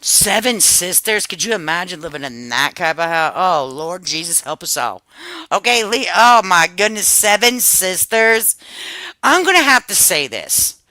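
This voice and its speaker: A woman's voice: lowish voice, sing-song, a little slow, sharp tone, no room sound, poor audio. A woman in her fifties chatting casually on a livestream, telling family stories with a lot of cursing and laughter. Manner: profane, laughing storyteller. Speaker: livestream host.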